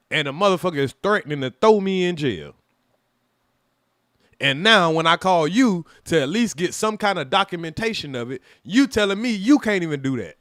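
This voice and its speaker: A man, hosting a live stream and telling a profane, animated story in which he acts out every side. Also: sits high, no echo, studio quality. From United States.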